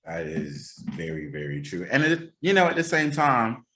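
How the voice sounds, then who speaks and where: A man's voice: lowish voice, big pitch swings, moderate pace, sharp tone. A man hosting a casual podcast chat, talking earnestly and repeating phrases for emphasis. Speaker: podcast host and counselor.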